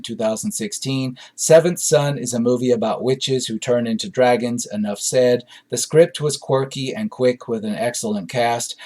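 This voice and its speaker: A man hosting a movie review show, reading audience reviews aloud and commenting on them in a relaxed, conversational way with frequent fillers and restarts. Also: medium pitch.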